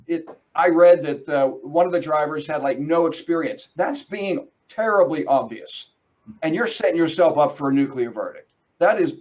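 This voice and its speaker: A man's voice: a little high, a little mellow, lo-fi sound. A man giving a webinar presentation, emphatic and direct, talking straight to his listeners. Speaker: webinar presenter on trucking risk.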